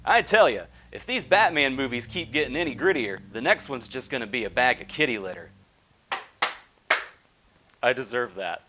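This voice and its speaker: A man delivers a scripted comedy film review at a mid pitch. He jokes crudely and swears freely, with a faint hiss under his voice. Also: expressive, brisk, hardly any pauses. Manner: crude, jokey, profane.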